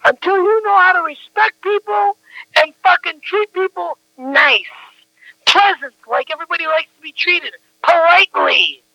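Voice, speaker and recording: A man delivering a furious, profane phone rant, stammering and shouting. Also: very high voice, moderate pace, dry recording, muffled recording.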